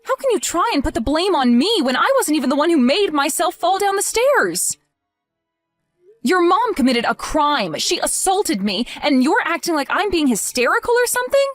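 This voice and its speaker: A woman's voice: sits high, very animated, moderate pace, faint music behind. A woman playing a grieving, indignant young wife. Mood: outraged. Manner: emotional, pleading, rising to outraged. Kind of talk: acted text-message drama.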